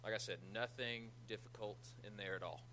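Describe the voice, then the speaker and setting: Bright-voiced man preaching casually. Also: fairly low pitch, fairly quick, slight background noise, low-quality recording. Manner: conversational, self-deprecating humor, animated retelling. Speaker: pastor. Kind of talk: sermon.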